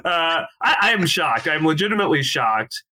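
A man's voice: fairly high pitch, sing-song, moderate pace, sharp tone. A man guest on a movie podcast who laughs a lot and rambles loosely in casual chat.

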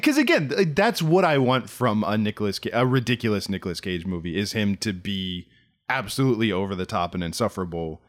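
The man speaks with a lively, swooping pitch in casual podcast chat. He tends to rush his words in excited bursts, stopping and restarting his sentences. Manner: animated, quick bursts with restarts. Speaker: podcast co-host.

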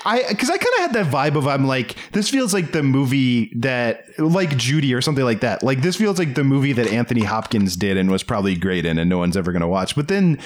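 A man's voice: medium pitch, very animated, brisk, hardly any pauses. A man talking casually about films as a podcast co-host, rambling with many fillers and frequent laughs. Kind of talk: casual film discussion.

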